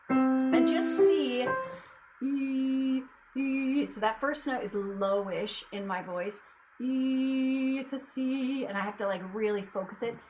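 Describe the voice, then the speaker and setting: A young adult woman with a medium-pitched voice works as a vocal coach, giving a casual singing lesson. She explains things loosely and chattily, with lots of fillers, and the recording is rough.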